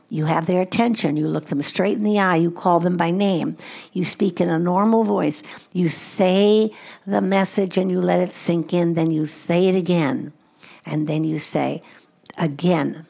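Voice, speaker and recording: A woman's voice: fairly low pitch, vocal fry, mellow, husky. A woman speaking at a conference, teaching mothers about Christian parenting in an earnest way and repeating her key points for emphasis.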